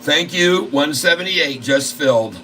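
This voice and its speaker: Folksy, excitable man with a bright voice. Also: fairly high pitch, measured pace, slight background noise, rough recording. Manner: folksy and excitable, keeps addressing the viewers. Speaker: stock trading channel host. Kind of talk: live commentary on day trading.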